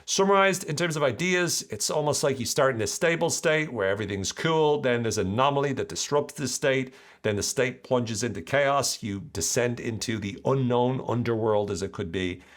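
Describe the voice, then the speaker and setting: A male podcast host talks through big ideas in a relaxed, animated monologue. His voice sits deep and low. He throws in self-deprecating jokes as he goes. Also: a little fast. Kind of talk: casual explainer monologue.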